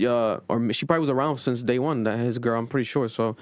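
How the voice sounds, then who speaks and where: A man's voice: fast talker, few pauses, dry recording, clean studio sound. Man musing aloud on a podcast. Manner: thinks aloud with restarts, pitch rises when making a point. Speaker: podcast co-host. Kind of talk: casual podcast debate.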